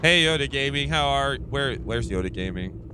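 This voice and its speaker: A man's voice: medium pitch, expressive, normal speed, very noisy. A man teasing other players in casual game voice chat, brash and sarcastic. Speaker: YouTuber roleplaying in an online game.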